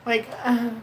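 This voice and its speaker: Doing her makeup on a casual livestream, the host vents, emotional and near tears, while cursing freely and laughing a lot. The audio is poor, with a bit of background noise.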